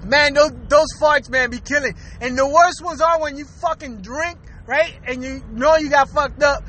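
A man's voice: extremely high pitch, moderate pace, pushed and bright, slight background noise. A man hosting his own show, rambling through a profane comic rant and laughing between lines, often repeating and restarting words. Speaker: podcast host. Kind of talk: casual comedic rant.

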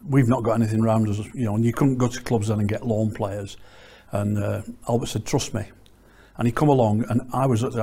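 A man's voice: on the low side, dark tone, breathy edge. A man, a rugby club chairman recalling a young player in an interview, matter-of-fact. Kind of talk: interview recollection.

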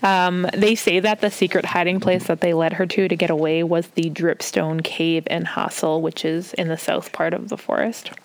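A woman's voice: on the low side, level tone, normal speed, few pauses, low-quality recording. A woman hosting a podcast, telling legends from her notes in casual chat with frequent laughter. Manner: giggly, storytelling with voiced asides. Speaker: podcast host.

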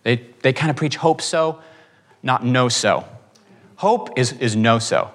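A man who preaches, telling a lively testimony in conversation and acting out the quotes. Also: medium pitch. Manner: animated, acts out quotes, quick bursts. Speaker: preacher and guest. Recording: reverberant room.

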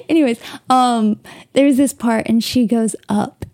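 Young woman chatting on her podcast, kinda higher voice, gets all emotional and teary, mellow tone. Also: measured pace, no room sound, studio quality. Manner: gushing, emotional, tearful at times. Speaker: podcast host. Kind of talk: casual solo podcast chat. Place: bedroom at home, on the bed.

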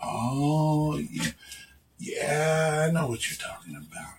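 A man's voice: on the high side, animated, slow pace. A man voicing a weary, deferential older male orc who talks in a folksy drawl, recorded on a distant mic. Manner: folksy drawl, stammering and polite.

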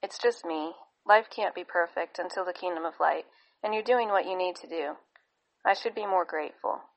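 A woman voicing a tired, gentle young wife and mother who speaks softly and hesitantly. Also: fairly low pitch, moderate pace, poor audio. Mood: resigned. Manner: soft, hesitant.

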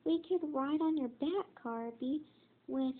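A woman reading the lines of a calm, clever girl fairy, halting and restarting. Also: high voice. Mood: reassuring. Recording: tinny phone-like sound.

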